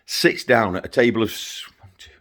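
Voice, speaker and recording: A man's voice: fairly low pitch, brisk, fairly bright tone. A middle-aged man recording a rambling video update for his sons, ranting in a chatty way and breaking off into asides. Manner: ranting, chatty, self-interrupting with laughs and asides. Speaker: father vlogging to his sons.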